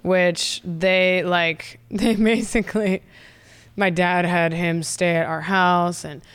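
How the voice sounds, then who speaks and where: Smooth-voiced laid-back woman from San Diego. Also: fairly low pitch, fairly even intonation, slow. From San Diego, USA. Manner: laid-back storytelling, swears freely, laughs often. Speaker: podcast guest. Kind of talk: casual chat.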